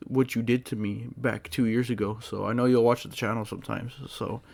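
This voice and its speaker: A man telling a story to his channel in a casual, rambling way, full of fillers and excited restarts. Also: mid-range voice, a little fast, vocal fry. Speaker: vlogger.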